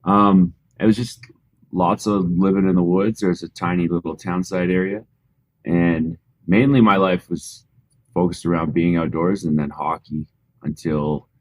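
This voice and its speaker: Canadian guy, really deep voice, laid back and modest, lots of ums. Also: unhurried. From rural Alberta, Canada. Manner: relaxed, modest, with frequent fillers. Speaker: guest. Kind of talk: casual interview storytelling.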